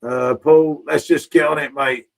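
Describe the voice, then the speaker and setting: A man's voice: on the high side, fairly even intonation, a little slow, gravelly, low-quality recording. A man in casual live-stream chat from a home bar, chatty and swearing freely, calling everyone mate.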